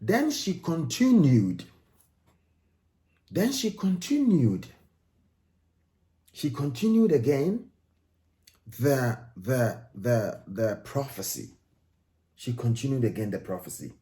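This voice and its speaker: A man's voice: mid-range voice, big pitch swings, takes it slowly, long pauses, warm tone. A man from Ghana, giving emphatic commentary on video clips and repeating phrases for stress.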